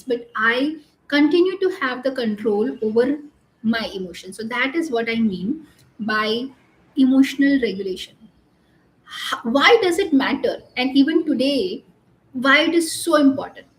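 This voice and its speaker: A woman coach giving an earnest live talk on emotional regulation, explaining slowly with many restarts and pauses. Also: sits high, roomy sound, rough recording.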